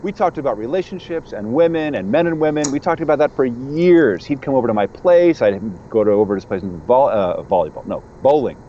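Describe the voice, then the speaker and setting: A man, a guest editor and sound designer, telling a lively anecdote in a casual interview and acting out the people in it. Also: mid-range voice, brisk, hardly any pauses, dull audio, a little hiss or hum. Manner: animated anecdote-teller who acts out the people in his stories.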